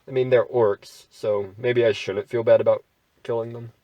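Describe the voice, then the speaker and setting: Reading an AI text adventure out loud, this gamer breaks up the passages with wry, bemused comments. He speaks at a normal pace with a medium pitch and fairly even intonation. The audio is dull and lacks any room sound, picked up by a distant mic.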